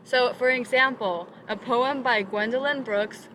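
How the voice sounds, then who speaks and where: A woman's voice: fairly high pitch, unhurried, background noise. A young woman presenting a poetry lesson, reading from prepared notes with the odd "um". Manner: steady reading with occasional um fillers.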